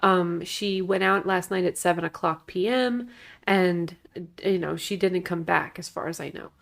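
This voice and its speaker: A woman's voice: on the low side, normal speed, creaky, a bit bright. A woman co-hosting a casual film podcast, chatting about the plot in an easygoing way. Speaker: podcast co-host.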